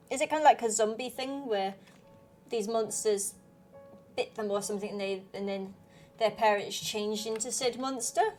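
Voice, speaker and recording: A woman's voice: fairly high pitch, a little mellow. A woman hosting a gaming channel, talking through a story game in a thoughtful, speculative way. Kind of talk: game commentary.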